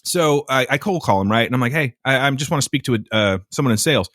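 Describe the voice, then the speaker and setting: Man, podcast co-host, casual storytelling, exasperated, profane, very lively pitch, dry close sound. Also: fast talker, no room sound.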